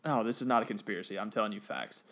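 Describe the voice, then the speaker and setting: Man, casual podcast chat, animated storyteller, excitable bursts. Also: on the low side, rapid-fire.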